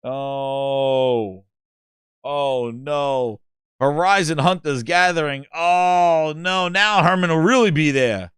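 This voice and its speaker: A man hosting a gaming channel in casual commentary, excitable and joking, swearing freely. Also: on the high side, slow pace, clear, resonant tone, no room sound, studio quality.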